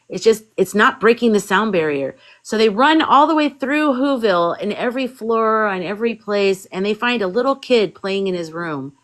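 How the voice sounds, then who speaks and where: A woman with a mid-range voice, captured in a low-quality recording, is a guest on a live spiritual chat. Talking casually, she rambles through a long story and acts out bits of dialogue as she goes.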